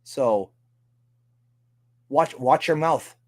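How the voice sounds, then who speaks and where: A Canadian-accented man hosting a livestream talks very slowly in a medium-pitched voice. His delivery is a casual rant full of swearing and frequent laughs.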